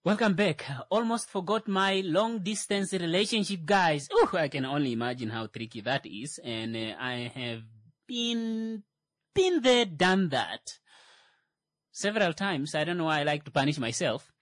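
A man's voice: fairly high pitch, moderate pace, a bit bright, dry recording, clean studio sound. A man hosting a music show, chatting casually between songs in a rambling, jokey way and often correcting himself. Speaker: radio show host playing songs.

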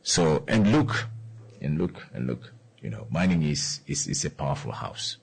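Low husky man, lively questioning delivery. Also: unhurried, rough recording. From Namibia. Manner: repeats key phrases, asks the listener questions. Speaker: radio or podcast host. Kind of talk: solo commentary on the economy.

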